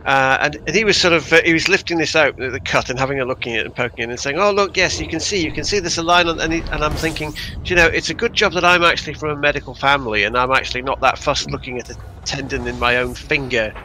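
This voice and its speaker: A man's voice: medium pitch, fast talker, few pauses, sharp tone, slight background noise, poor audio. A man chatting casually, telling rambling anecdotes. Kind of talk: casual chat.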